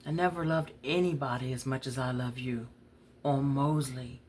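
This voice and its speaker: A woman voicing a guilt-ridden devoted lover, soft, pleading, quiet low voice, faint hiss. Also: steady tone, normal speed. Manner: soft, pleading, self-blaming. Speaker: storyteller voicing characters. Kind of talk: dramatic story reading.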